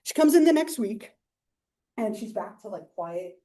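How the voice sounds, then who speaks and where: A woman teaching a psychology class, telling a story in a casual, animated way full of fillers. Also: mid-range voice, normal speed. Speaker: psychology instructor. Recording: roomy classroom mic from far off.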